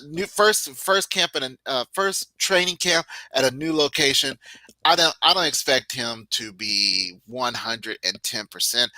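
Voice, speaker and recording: A man's voice: medium pitch, dry recording, rough recording. A man co-hosting a combat sports podcast, giving casual, emphatic opinions and stories. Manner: animated, emphatic storytelling. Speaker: podcast co-host.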